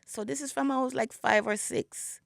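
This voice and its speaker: This middle-aged Jamaican woman, a singer interviewed on the radio, has a high-pitched, gravelly voice with fairly even intonation and a moderate pace. She reminisces in a storytelling way, peppering her words with "you know," her voice still in morning mode and not warmed up. The studio-quality recording is dry.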